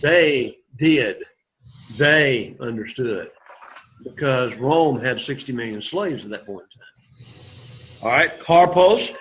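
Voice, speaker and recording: A man's voice: mid-range voice, lively intonation, takes it slowly, a bit bright. A man teaching an introductory Greek class, encouraging students and having them repeat words aloud. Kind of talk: classroom lecture. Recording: lo-fi classroom recording.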